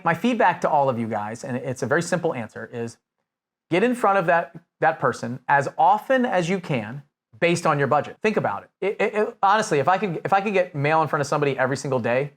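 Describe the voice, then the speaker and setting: A man with a fairly high voice talks through real estate marketing advice in a relaxed coaching manner. He speaks loosely, often restarting sentences and dropping in fillers as he goes. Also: fast talker. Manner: conversational, many restarts and fillers. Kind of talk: casual coaching talk. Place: Nashville.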